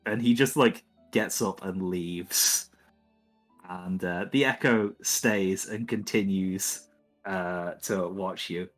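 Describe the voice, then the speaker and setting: A man's voice: low-pitched, slow, faint music behind. A man running a tabletop game as game master on a livestream, narrating in a casual, self-mocking way. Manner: casual, self-mocking, laughs at own voices.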